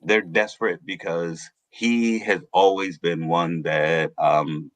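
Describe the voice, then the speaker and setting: A man on a podcast panel, talking in a deliberate, searching way with pauses. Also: deep voice, steady tone, no room sound. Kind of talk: casual discussion.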